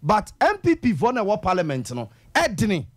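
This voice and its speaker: A Ghanaian man on a radio panel, explaining his points with steady analysis. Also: high voice, moderate pace. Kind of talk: radio discussion.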